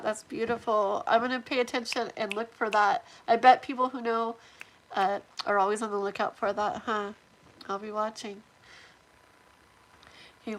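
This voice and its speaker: Stuffy-nosed woman with a fairly high voice hosting a live stream, chatty and eager, reads viewer comments aloud; faint noise behind. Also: rough recording. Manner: chatty and excitable, thanking viewers. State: stuffy nose. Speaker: livestream host.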